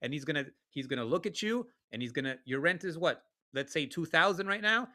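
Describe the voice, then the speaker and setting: A man's voice: a little high, expressive, a little fast, hardly any pauses, pushed and bright. A man co-hosting a talk show, ranting bluntly and cursing as he gives heated political commentary. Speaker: podcast co-host.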